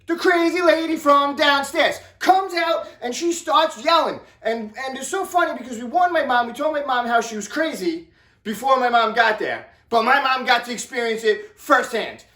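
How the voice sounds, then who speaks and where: A middle-aged man telling an animated vlog story, excitable and repeating himself as he acts out what people said. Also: extremely high pitch, normal speed. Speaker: vlogger. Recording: echoey room, distant from mic.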